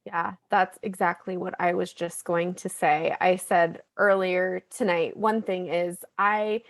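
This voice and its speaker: A woman and parent sharing in a group call, empathetic and lively as she recounts family moments. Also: fairly low pitch, a little slow. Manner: empathetic, animated when quoting kids. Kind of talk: casual group discussion.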